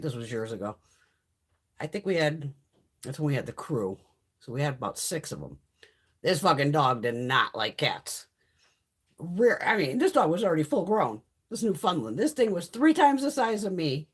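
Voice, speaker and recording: A middle-aged woman hosting a casual livestream from Connecticut, talking with a stuffy nose. Her pitch jumps around a lot as she tells blunt stories full of swearing. Her voice has a slightly husky edge. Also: normal speed. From Connecticut, USA. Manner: blunt, swears freely, lively storytelling. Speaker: livestream host. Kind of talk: casual chat.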